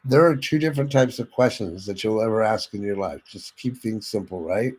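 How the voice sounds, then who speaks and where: In a rough recording, a man with a fairly low, darkish, breathy voice leads a sales training lecture at a brisk pace. He addresses listeners directly, checking in with frequent "okay?", and demonstrates vocal inflections as he teaches.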